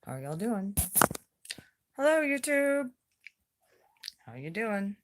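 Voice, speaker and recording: A woman's voice: mid-range voice, big pitch swings, slow, very noisy. A woman hosting a casual livestream chat, drawling and taunting as she dares her viewers to speak up. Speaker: YouTube livestream host.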